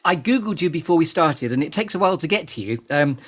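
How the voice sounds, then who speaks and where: Chatty theatrical guy hosting a live podcast, higher voice, goes off on tangents. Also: lively intonation, fast, a bit bright. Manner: playful, digressive, theatrical. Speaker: podcast host. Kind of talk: chatty interview on a live stream.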